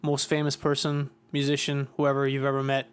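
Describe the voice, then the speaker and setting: A man hosting a podcast, chatting casually in rambling, animated stories full of swearing. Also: medium pitch, brisk, smooth. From Ireland. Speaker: podcast host. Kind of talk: casual chat.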